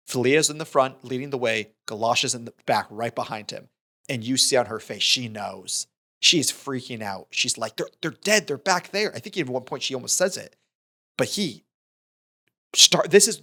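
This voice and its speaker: A male podcast co-host with a mid-range voice talks casually about films, retelling scenes animatedly and restarting his sentences often.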